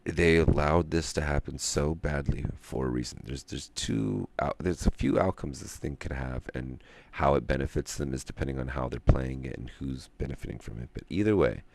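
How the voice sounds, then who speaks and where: A man with an extremely low, gravelly voice rambles through a stream monologue. He rants and muses, trailing off into long pauses between thoughts. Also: no echo. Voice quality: very deep gravelly voice. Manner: ranting, musing, drawn-out pauses.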